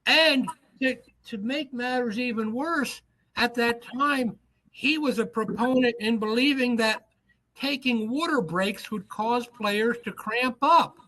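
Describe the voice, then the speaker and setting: Man, high voice, author guest, storytelling, acts out quotes. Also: slow, low-quality recording. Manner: animated anecdote teller, acts out quoted lines. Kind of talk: storytelling in a podcast interview.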